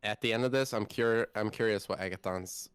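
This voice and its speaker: Young man, about twenty, excitable rambling storyteller, lowish voice, dry close sound. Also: fairly quick, smooth, no room sound. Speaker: co-host. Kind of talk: casual podcast chat.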